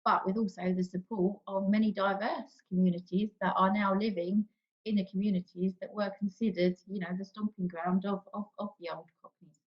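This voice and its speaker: East woman, panel guest, level, unhurried and reflective, slightly muffled line. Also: medium pitch, steady tone. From east London. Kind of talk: casual panel discussion. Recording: dull lo-fi sound.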